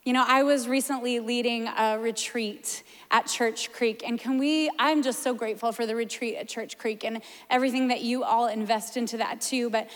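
A woman preaching a sermon, animated and playful, sometimes close to tears. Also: on the high side, normal speed, hardly any pauses, in a large hall. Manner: animated, playful, tearful at times.

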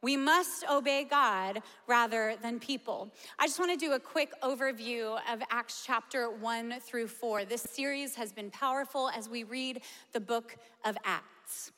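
A woman preaching a sermon, telling a story with lively energy and laughing now and then. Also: sits high, big-room sound. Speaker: pastor.

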